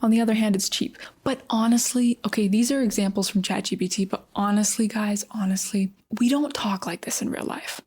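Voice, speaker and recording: A woman's voice: a little high, steady tone, normal speed, darkish tone. A young adult American woman hosts a casual English lesson podcast. She talks in a chatty, emphatic way, full of everyday fillers. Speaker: English teacher.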